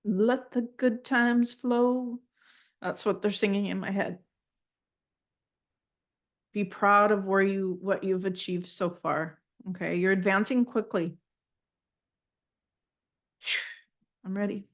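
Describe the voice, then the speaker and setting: A woman channeling messages for people in a live intuitive reading, speaking gently and heartfelt, often moved to emotion. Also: fairly even intonation, slow pace, pauses often. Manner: speaks in flowing, high, invented-sounding syllables at times. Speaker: spiritual channeler giving readings.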